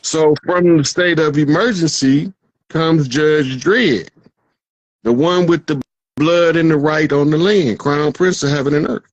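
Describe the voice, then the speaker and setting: A man speaking as a guest in a casual spiritual chat, slow and emphatic, like a proclamation. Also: a little high, no room sound, dull audio.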